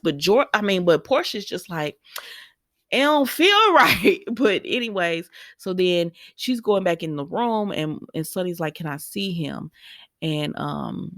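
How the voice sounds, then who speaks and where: A woman's voice: on the low side, no room sound, studio quality. A woman recapping a soap opera in a chatty, emotional way and talking straight to her viewers. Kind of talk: casual spoken recap.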